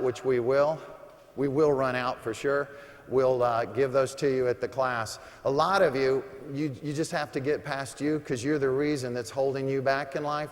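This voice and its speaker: A man giving a brash, joking sales pitch to a live audience at a motivational seminar. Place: large arena. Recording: long reverb of a large arena.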